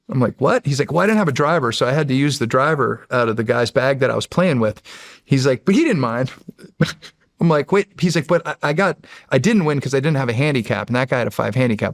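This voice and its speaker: A middle-aged man with a gravelly, rough-edged voice recounts old military stories on a podcast. He talks casually, swears freely and laughs often, and he acts out the other people in his stories. The sound is dry and close, with no room echo. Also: mid-range voice. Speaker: podcast guest, former Navy SEAL. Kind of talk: casual storytelling.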